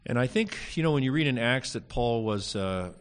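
A man teaching a Greek grammar class in a casual lecture, pausing often with fillers and dropping wry asides. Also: medium pitch, animated, smooth.

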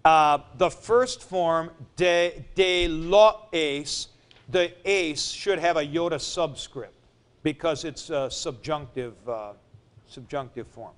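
A man teaching a class, explaining forms step by step with fillers and pauses as he moves around the room. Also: fairly high pitch, clean tone. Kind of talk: classroom lecture.

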